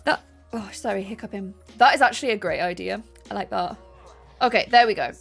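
A woman's voice: medium pitch, brisk, vocal fry, fairly bright tone, husky, faint music behind. A woman live-streaming a game, chatting and gushing thanks to her chat. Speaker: gaming streamer.

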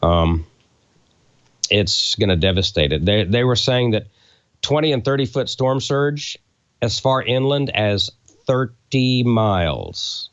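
A middle-aged man from South Louisiana, a co-host telling a heartfelt story, earnest and halting with many fillers. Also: medium pitch, lively intonation, dry recording, lo-fi sound. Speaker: show co-host.

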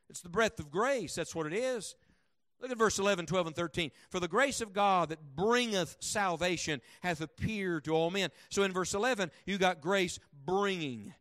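Male pastor, high voice, dry close sound; emphatic sermon delivery. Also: dry recording. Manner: emphatic, asks the congregation questions; swings from loud to hushed.

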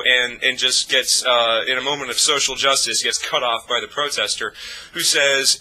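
A man's voice: mid-range voice, fairly even intonation, moderate pace, bright, forceful tone, poor audio. A man vlogging a profane, scornful rant of political commentary. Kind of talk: ranting commentary.

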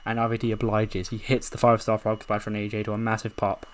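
A man narrating a wrestling management game in a casual, excited way, swearing and laughing as he goes. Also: fairly low pitch, quick pace. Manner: excited, swearing, laughing at his own story. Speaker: video game commentator.

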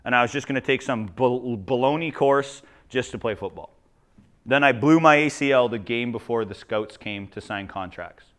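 A man from Ontario, a teacher telling jokey, animated stories in a conference talk. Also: mid-range voice, moderate pace. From Ontario, Canada. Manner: animated, jokey, acts out quoted voices. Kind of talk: humorous storytelling presentation.

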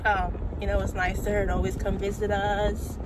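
A woman's voice: mid-range voice, level tone, fairly quick. A woman in her thirties, crying and chatty, filming a family vlog outdoors on a phone. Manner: emotional, tearful, chatty. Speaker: family vlogger. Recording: loud street noise behind.

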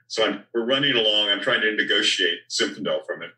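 An older man, a winemaker guest, talking in a relaxed storytelling way about vineyards and his wines. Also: fairly low pitch, a little fast, roomy sound, recorded from a distance, poor audio.

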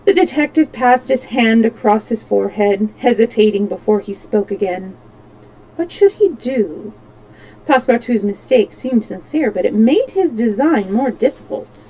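A woman storyteller reading a classic novel aloud in a steady, measured way, with small slips that she corrects herself. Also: a little high, rough recording.

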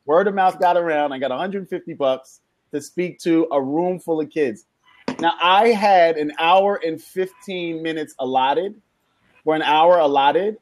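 A man with a fairly high voice tells a story as a panel guest. He sounds earnest and measured, recorded close and dry. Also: a little mellow, no echo. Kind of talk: anecdotal storytelling.

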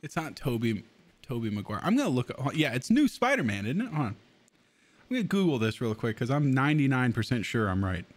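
A man's voice: medium pitch, very animated, fairly quick. A man streaming a video game, chatting casually, swearing freely and laughing often. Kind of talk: casual live-stream chat.

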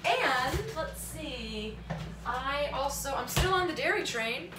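A woman's voice: high-pitched, expressive, a little slow, roomy sound, over music, rough recording. A woman in her thirties vlogging casually from her home kitchen, chatty and jokey, slipping into silly sung bits. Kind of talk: casual vlog chat. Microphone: camera on a tripod.

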